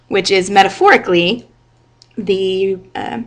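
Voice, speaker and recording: A woman teaches a high school literature class, stopping her reading to explain it in plain words. She talks in a loose, chatty way with lots of "like" and "right?" Her voice is middle-pitched. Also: normal speed. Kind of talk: literature lecture with reading aloud.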